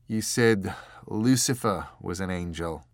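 A man's voice: sits low, takes it slowly, no room sound, studio quality. Man doing angry young captive, indignant, voice raised.

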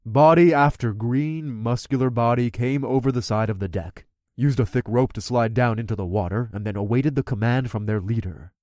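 A man's voice: medium pitch, moderate pace, a little mellow, no room sound, clean studio sound. A man narrating a gritty, profane first-person fantasy story.

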